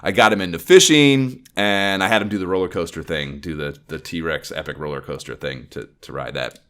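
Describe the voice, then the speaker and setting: A man's voice: low-pitched, fairly quick, fairly bright tone, smooth. A man hosting a podcast, telling a rambling, profane story in casual chat and often breaking into laughter. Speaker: podcast host.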